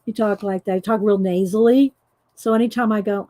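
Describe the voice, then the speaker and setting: A woman's voice: medium pitch, steady tone, fairly quick, mellow. A middle-aged woman, hosting a casual coloring livestream, chatty and laughing often as she greets viewers. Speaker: livestream host demonstrating coloring.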